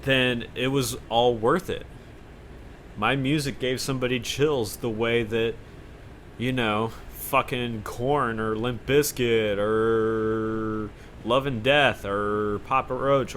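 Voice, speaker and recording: A man's voice: mid-range voice, a bit bright, slight background noise. A young man hosting his own podcast, rambling in a sarcastic, profane, self-mocking monologue. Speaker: podcast host.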